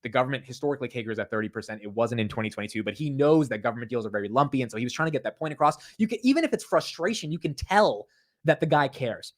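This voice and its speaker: A young man talks through a company's results in casual, blunt commentary, his voice sitting at a middle pitch. He gets animated and restarts his sentences often, filling the gaps with "uh" and "like". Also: very fast. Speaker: investing commentator.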